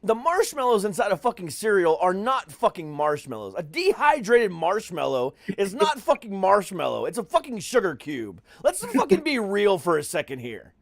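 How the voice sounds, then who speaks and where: A man's voice: high-pitched, moderate pace, creaky, few pauses, dry recording, clean studio sound. A man hosting a podcast, swearing constantly and ranting with great energy in casual chat. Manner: profane, animated ranting. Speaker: podcast host.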